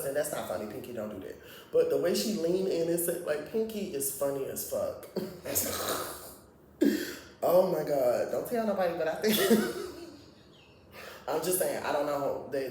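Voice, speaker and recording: A man chats through a reality TV recap in a loose, profane way, laughing often. His voice sits a little high. It sounds far from the mic in a very echoey room. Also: darkish tone, slight background noise. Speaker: reality TV reviewer. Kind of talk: casual recap commentary.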